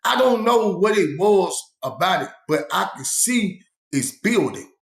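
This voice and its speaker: A man's voice: high voice, lively intonation, unhurried, echoey room. A man telling a story in a rambling, profane, conversational monologue. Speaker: vlogger.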